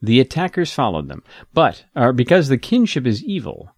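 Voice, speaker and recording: A male podcast co-host in relaxed chat, reading listener mail aloud. He chuckles often and breaks in with his own asides. His voice sits in a middle pitch on a dry, close microphone. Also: normal speed, vocal fry, no room sound.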